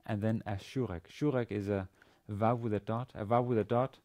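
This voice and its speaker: A man lecturing on a language lesson, speaking haltingly with many fillers and restarts. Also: lowish voice, steady tone, darkish tone. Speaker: university lecturer.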